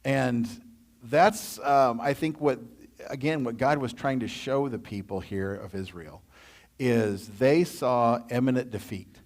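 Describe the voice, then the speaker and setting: A man's voice: medium pitch, measured pace. Midwestern man teaching a Bible study. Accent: Midwestern American. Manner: reads scripture, then acts out voices with animated asides. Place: church.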